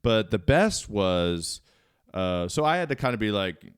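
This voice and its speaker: Man in his thirties, low voice, smooth and clear, dry sound, casual rambling storyteller. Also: sing-song, unhurried, no echo. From Baltimore, Maryland. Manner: rambling, self-deprecating, many fillers. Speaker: podcast guest.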